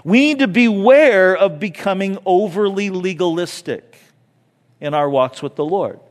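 A man's voice: high voice, expressive, unhurried. A man preaching a sermon as a pastor. He talks in a conversational way, with joking asides, and he leans hard into key phrases.

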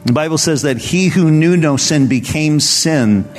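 Earnest conversational pastor preaching. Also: male voice, fairly high pitch, unhurried, big-room sound, soft background music. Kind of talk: sermon. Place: church service.

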